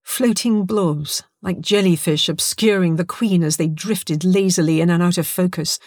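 A woman reads an audiobook with lively, expressive storytelling. Her voice sits on the low side. It is recorded close in a dead, dry studio booth. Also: moderate pace, few pauses, dry recording. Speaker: narrator. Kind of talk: scripted audiobook narration.

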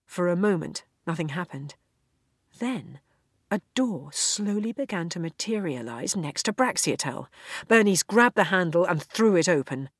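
A woman narrating an audiobook in a measured, expressive storytelling voice. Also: on the low side, slightly rough, no echo, clean studio sound. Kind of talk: audiobook reading.

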